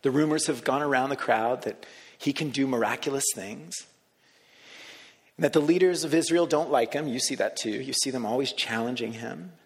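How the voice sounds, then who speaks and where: A man preaching a sermon, talking the congregation through an imagined scene, moving between hushed, soft lines and raised emphasis. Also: medium pitch, moderate pace, creaky. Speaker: pastor. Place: church sanctuary. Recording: long reverb of a large hall.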